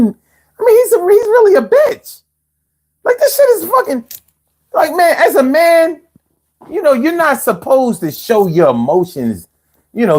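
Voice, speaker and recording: Man, live-stream host, casual rant, profane, talks to chat, unhurried, pitch swoops up and down. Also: darkish tone, slightly rough. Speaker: livestream host.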